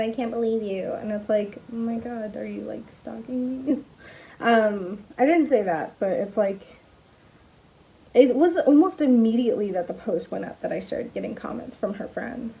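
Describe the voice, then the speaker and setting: A woman's voice: a little high, slight background noise. Young woman, small business owner, chatty and exasperated storyteller, lo-fi audio. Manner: chatty, exasperated, with sighs and laughs. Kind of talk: casual storytime vlog.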